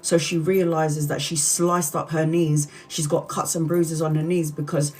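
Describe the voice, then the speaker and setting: Woman on a tarot live stream telling a dramatic story, lowish voice, chats to viewers as she goes. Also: normal speed. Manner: animated retelling, acting out quoted speech; chatty, addresses viewers mid-story.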